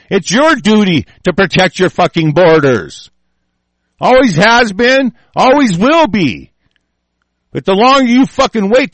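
A high-pitched man hosts a radio show and launches into an angry political rant, shouting and cursing heavily. The recording is dry.

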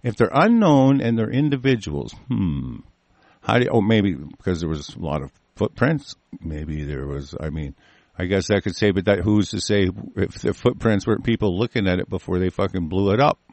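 Low-voiced man ranting and swearing. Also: lively intonation, normal speed, a little mellow, no echo. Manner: profane, heated, swearing constantly. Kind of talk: angry ranting monologue, reading news aloud.

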